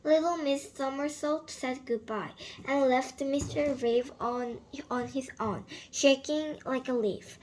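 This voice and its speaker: A woman reading a children's picture book aloud, halting and often slipping and restarting. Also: high voice, low-quality recording. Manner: halting, with frequent slips and restarts. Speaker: storyteller.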